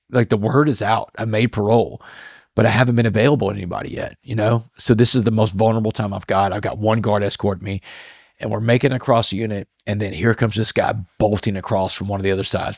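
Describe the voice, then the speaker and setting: Middle-aged man, somewhat low voice, dry close sound, casual storytelling. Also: dry recording. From Texas. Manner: casual, animated storytelling with many "man" fillers. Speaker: guest, motivational speaker. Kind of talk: storytelling in a podcast interview.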